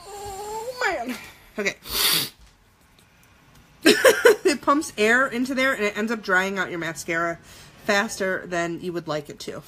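Woman, 30s, casual live makeup tutorial, chatty, jokey, swears freely, bright sharp voice. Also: on the high side, husky.

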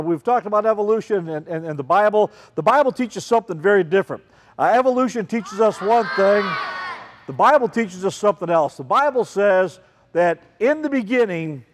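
A man, a children's ministry speaker giving an animated talk to a group of kids and calling out questions to them. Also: sits high. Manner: animated, calls out questions to the crowd. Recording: long reverb, large hall.

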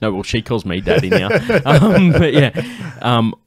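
A man's voice: fairly low pitch, animated, moderate pace, no echo, clean studio sound. A man hosting a podcast, telling a story in casual chat, swearing and laughing, and acting out quotes. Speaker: podcast host.

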